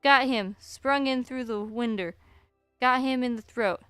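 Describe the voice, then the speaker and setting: A woman's voice: on the high side, unhurried, a bit bright, clean tone, dry recording, soft background music, pitched above the performer's own voice. A woman voicing a panicked woman wailing in terror, in a Southern US drawl. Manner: shrieking, wailing.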